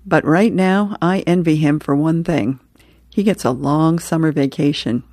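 A woman's voice: low-pitched, measured pace, mellow, no echo, studio quality. A woman host reading newspaper comic strips aloud, chuckling between them.

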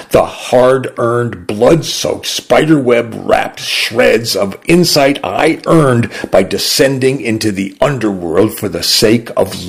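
A man with a low, gravelly, husky voice reads fiction aloud for radio. He takes it slowly and deliberately, his pitch rising and falling widely as he tells the story. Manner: slow, deliberate and expressive storytelling. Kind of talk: literary reading for radio.

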